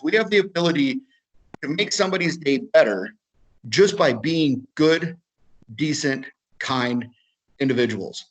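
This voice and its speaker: A man's voice: on the high side, fairly bright tone, rough recording. A man with an Upper Midwest American accent giving a webinar talk, telling a story in a casual way, repeating words and acting out both sides of a conversation. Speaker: webinar speaker. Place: video webinar.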